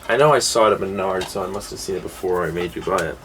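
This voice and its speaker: A man with a lowish voice co-hosts a casual chat. He throws in short, goofy quips and teasing banter. Faint noise runs under the recording. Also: rapid-fire, fairly bright tone. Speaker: co-host of a movie collection show.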